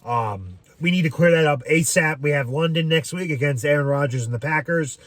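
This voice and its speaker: A man talking through a game reaction in a loose, rambling way, with plenty of filler words and casual cursing. His voice sits a bit high for a man and sounds close and dry, with almost no room around it. He comes across as an off-the-cuff fan commentator. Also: fairly quick, no echo. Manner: rambling, frequent "um", swears freely.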